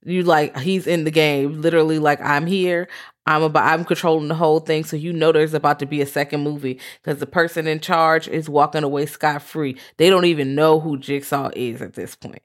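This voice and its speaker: A woman's voice: low voice, fairly even intonation, fairly quick, few pauses. A woman co-hosting a podcast, talking through horror films in a laid-back, joking, slangy way. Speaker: podcast co-host. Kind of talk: casual chat recapping films.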